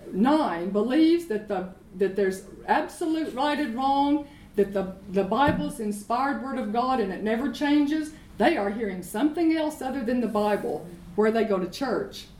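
A woman's voice: on the high side, lively intonation, a little slow, a little mellow, roomy sound, a little hiss or hum, low-quality recording. A woman teaching from the Bible in an emphatic way, repeating her points and asking rhetorical questions. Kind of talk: teaching sermon in conversation.

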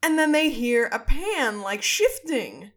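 A woman co-hosting a casual chat, retelling a story with lively acted-out quotes and frequent swearing. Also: sits high, takes it slowly. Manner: animated storytelling, acting out quotes, swears, laughs often. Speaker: podcast co-host. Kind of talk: casual chat retelling a ghost-hunting show.

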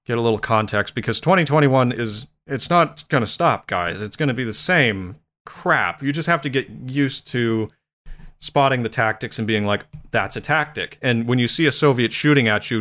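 A man's voice: medium pitch, expressive, moderate pace, fairly bright tone. A man talking on a podcast in a loose, rambling way, joking as he goes. He sits at the middle of the male range and laughs often. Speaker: podcast co-host. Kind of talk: casual podcast monologue.

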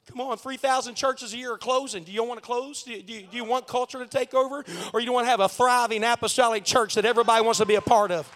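Middle-aged male pastor, very high-pitched, fiery preacher who swings from shouting to near-whispers. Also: steady tone, quick pace, few pauses, long reverb tail. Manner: shouting, swinging between loud preaching and hushed pleading. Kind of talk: fiery Pentecostal-style sermon.

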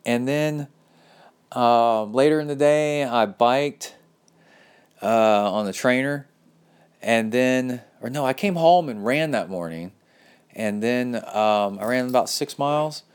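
Chill podcast guy reading out a listener email, smooth clear voice, jokey asides, lots of "dude". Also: mid-range voice, slow, pauses often. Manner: laid-back, jokey, says "dude" a lot. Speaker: podcast host. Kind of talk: reading a listener email aloud with casual commentary.

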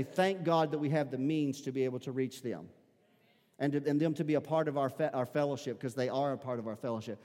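In a reverberant church sanctuary, a pastor from the American South with a Southern US accent delivers a live-streamed sermon. His mid-range voice is brisk and a little mellow, and he rises into emphatic bursts while calling out to his congregation.

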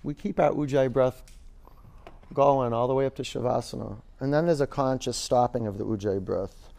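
A man leads a yoga class in a studio, cueing poses in a relaxed, loose way with plenty of fillers. His voice is gravelly with some creak and sits at a medium pitch. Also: normal speed. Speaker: yoga teacher.

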